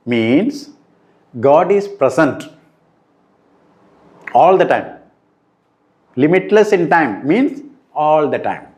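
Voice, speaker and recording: A middle-aged man, giving a slow, deliberate spiritual talk that turns emphatic on key points. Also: mid-range voice, darkish tone. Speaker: spiritual teacher. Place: room indoors.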